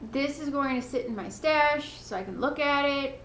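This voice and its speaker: Woman, knitting podcast host, high-ish voice, gushing and excitable, echoey room, faint hiss. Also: normal speed. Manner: gushing, enthusiastic, thankful. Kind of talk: casual chat to camera.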